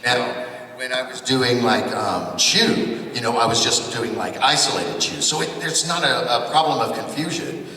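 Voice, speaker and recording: Animated man in an echoey convention hall. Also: mid-range voice, moderate pace, recorded from a distance, slight background noise. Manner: animated and chatty, laughs often. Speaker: voice actor at a convention panel. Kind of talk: casual convention Q&A. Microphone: far camera in audience.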